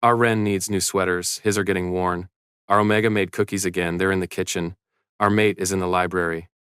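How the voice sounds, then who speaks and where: A man voicing a gentle, caring young alpha with a soft manner. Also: sits low, little pitch movement, a little fast, clean tone, dry recording, studio quality.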